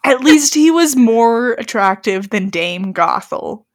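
A woman's voice: fairly high pitch, animated, slow pace. A young woman reading a fairy tale aloud, breaking off into giggly, joking commentary. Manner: giggly, reads old-fashioned text then breaks into joking commentary. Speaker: story reader and co-host.

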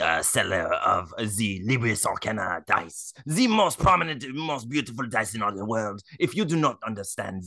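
A man voicing a suave male French dice seller with a put-on French accent and a sultry, boastful sales pitch. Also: sharp tone, breathy edge, no room sound, studio quality, heavily acted.

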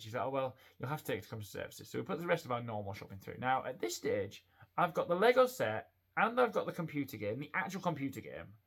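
Male podcast host, casual storyteller, lively and rambling, restarts often. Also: mid-range voice. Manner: chatty, animated anecdote with quoted voices and many restarts. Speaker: retail manager.

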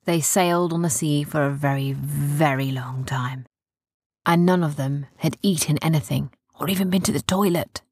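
A woman narrating a children's adventure story softly, hushing at tense moments. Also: low-pitched, normal speed, breathy edge, dry recording, studio quality.

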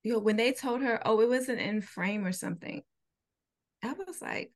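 A woman's voice: a little high, normal speed. A woman co-hosting a podcast, chatting casually and teasing with lots of laughter. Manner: animated, laughing, playful teasing. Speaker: podcast co-host. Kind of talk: casual chat.

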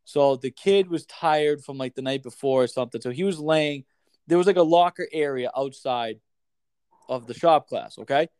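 A man telling a rambling, animated story in casual podcast chat, swearing freely and saying "like" and "dude" a lot. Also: fairly high pitch, moderate pace, clean tone, no echo.

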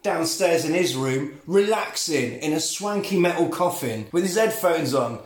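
A man's voice: fairly high pitch, animated, a little slow, roomy sound. A man recapping a film plot in casual comedic chat, swearing and laughing as he mimics the characters. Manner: sweary, laughing, retells scenes with quoted voices. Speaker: podcast co-host recapping a film.

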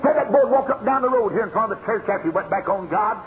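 Fiery high-voiced Southern evangelist. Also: male voice, animated, fast talker, soft background music. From Tennessee, USA. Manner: fiery storytelling preacher, rising to shouts. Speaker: evangelist preacher. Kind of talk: revival sermon. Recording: muffled phone-like old tape in a reverberant hall, faint hiss.

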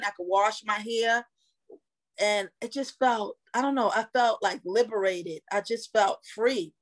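A woman tells her own story as a podcast guest, animated and laughing easily. Her voice is somewhat high and lively in the telling. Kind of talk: casual storytelling.

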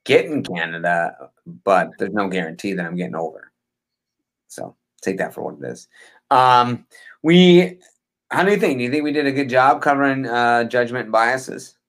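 Man podcast co-host, mid-pitched, easygoing, rambling, casual chat. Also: animated, fairly bright tone. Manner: easygoing, rambling, halting restarts.

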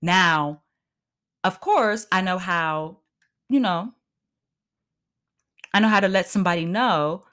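A woman's voice: on the low side, takes it slowly, pauses often, fairly bright tone. A woman hosting her own podcast, ranting in a heated, emphatic and profane way. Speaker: podcast host. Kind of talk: solo podcast rant.

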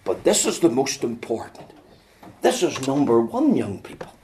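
A man preaching a sermon, swinging from hushed storytelling to loud, urgent pleading. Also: medium pitch, very animated, normal speed, a little hiss or hum.

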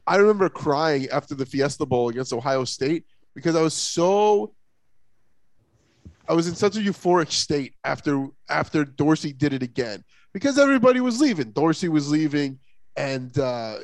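Gravelly, lively-voiced podcast guy. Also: on the high side, moderate pace, no echo. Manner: rambling, animated, many fillers and restarts. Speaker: podcast co-host. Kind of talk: casual sports talk.

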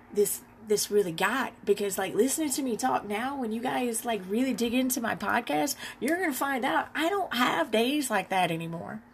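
A woman podcast host telling a personal story, candid and reflective, in an unhurried way with pauses. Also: medium pitch, creaky, slight background noise.

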